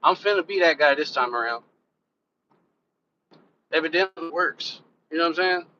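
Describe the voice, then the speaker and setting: Casting note: man, live-stream host, bright and fairly high voice, loose rambling delivery, lo-fi audio. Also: normal speed. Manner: loose, rambling, curses casually, talks straight to viewers. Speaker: reaction channel host and rapper. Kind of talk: casual live-stream chat. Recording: dull lo-fi sound with faint background noise.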